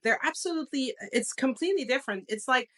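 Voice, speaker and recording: A woman hosting a casual interview, attentive and quick to answer with short affirmations. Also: high voice, animated, fairly bright tone. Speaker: host. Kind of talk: casual conversation.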